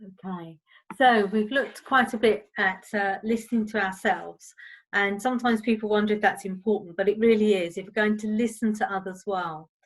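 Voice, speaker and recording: Woman, counsellor, recorded seminar, steady presenting, medium pitch. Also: low-quality recording. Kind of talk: recorded teaching talk.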